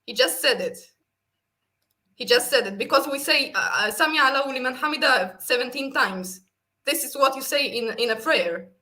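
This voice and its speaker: A woman's voice: a little high, normal speed, bright, forceful tone. A woman co-hosting a debate chat, explaining carefully and searching for words.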